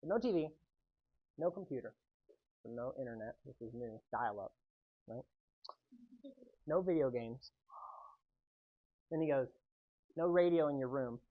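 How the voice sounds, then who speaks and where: Animated man giving a youth sermon. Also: mid-range voice, unhurried, long pauses, slightly rough, narrow, tinny audio. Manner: animated storytelling, keeps checking in with "right?". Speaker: youth speaker. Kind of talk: youth sermon with personal story.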